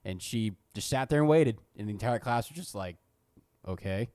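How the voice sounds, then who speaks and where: A man's voice: mid-range voice, expressive, fairly quick, darkish tone, dry recording, studio quality. A young man co-hosting a podcast, telling rambling, self-mocking school stories and swearing freely. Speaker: podcast co-host. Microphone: podcast studio mic.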